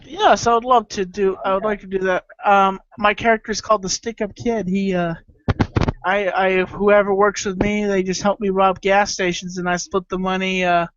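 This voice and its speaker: A man's voice: high-pitched, little pitch movement, moderate pace, fairly bright tone, no room sound. A man hosting a casual online chat, rambling and joking, often restarting his sentences, on a lo-fi call. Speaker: host.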